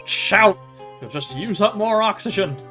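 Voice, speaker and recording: A woman streamer chatting casually, tossing out quick teasing retorts over game music. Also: deep voice, animated. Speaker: streamer co-playing. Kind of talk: casual chat. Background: video game music.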